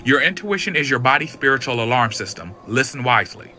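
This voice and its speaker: Fast, bright, sassy male storyteller. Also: mid-range voice, expressive, faint music behind. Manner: sassy, profane, dramatic retelling. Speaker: storyteller in a clip. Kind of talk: animated story time.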